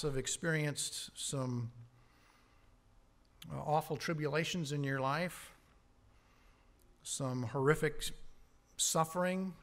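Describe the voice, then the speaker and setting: A man preaching a sermon as pastor, earnest, rising on key words and dropping low on asides.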